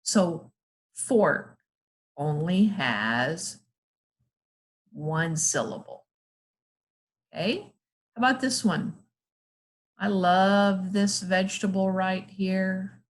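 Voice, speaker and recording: Slow, patient phonics teacher woman. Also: medium pitch. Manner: patient, encouraging, sounds out letters slowly. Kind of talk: slow, clear teaching to young children.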